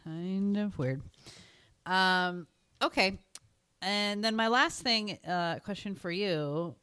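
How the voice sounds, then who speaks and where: A woman's voice: mid-range voice, takes it slowly, pushed and bright, clear, resonant tone. A woman co-hosting a podcast, chatting casually and filling her talk with "like". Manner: chatty, lots of "like" fillers. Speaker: podcast co-host. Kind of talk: casual chat.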